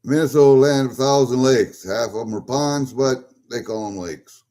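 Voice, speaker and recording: Here a man with a dark tone and medium pitch talks at an everyday pace while unpacking deliveries for his vlog. He keeps up a loose, rambling monologue, muttering to himself along the way.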